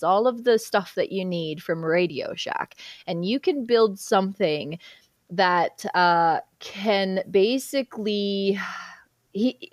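A woman's voice: mid-range voice, no room sound, studio quality. A woman guest, a hypnotherapist, telling a story in casual chat, laughing often and acting out the people she quotes. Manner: laughs often, animated retelling with quoted voices.

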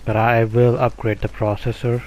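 A man from the UK chats casually with friends while gaming. He rambles loosely, stops for fillers, and talks at an everyday middle pitch. A faint hiss of noise sits behind him. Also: normal speed. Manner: relaxed, rambling, with frequent fillers. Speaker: streamer host.

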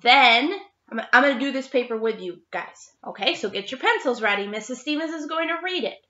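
A woman teacher reading a story aloud to young children and walking them through their seatwork, spelling out words slowly and clearly. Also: fairly high pitch, expressive, sharp tone, roomy sound, lo-fi sound. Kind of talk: remote classroom lesson for young children.

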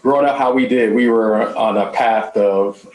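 A man, a navy veteran guest on a podcast panel, talking in an easygoing, modest way with halting restarts. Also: on the low side, a little mellow, roomy sound, low-quality recording. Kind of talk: casual panel chat.

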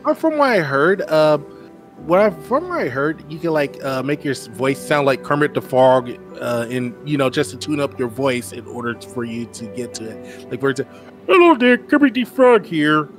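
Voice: medium pitch, normal speed, faint music behind. A podcast guest chatting playfully. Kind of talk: casual chat.

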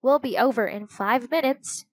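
A woman's voice: on the high side, normal speed, no echo, lightly acted. A woman reading the part of an eager, helpful young boy in a storybook, in a friendly, slightly raised voice. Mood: earnest.

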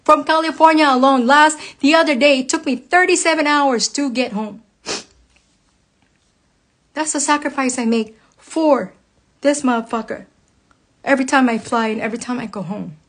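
A woman's voice: high-pitched, moderate pace, long pauses, a bit bright. A woman, speaking straight to her viewers in a blunt, impassioned, heavily profane personal rant. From United States.

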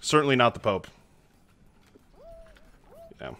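A man streaming a video game live, reacting excitably and chatting to his viewers. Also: medium pitch, takes it slowly, faint music behind. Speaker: Twitch streamer.

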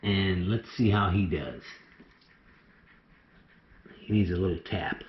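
A man keeping snakes, talking through a casual how-to vlog in an excitable, chatty way. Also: low-pitched, takes it slowly, slight background noise. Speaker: snake keeper. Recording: echoey room, dull lo-fi sound.

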